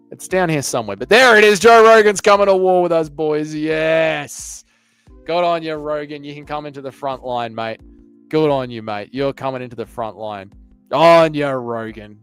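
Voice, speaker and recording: A man's voice: a little high, moderate pace, a bit bright, clean tone, dry recording, soft background music. Crude joking man streaming. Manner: crude, joking banter with chat. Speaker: livestream host reading chat. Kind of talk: casual live-stream chat.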